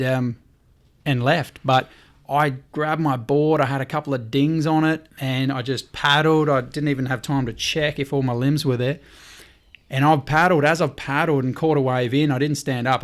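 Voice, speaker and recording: A man in a casual podcast chat, his voice sitting at a middling pitch for a man. He tells his story with energy, playing out each exchange in dialogue and dropping the odd swear word. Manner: lively, swears, quotes people in dialogue.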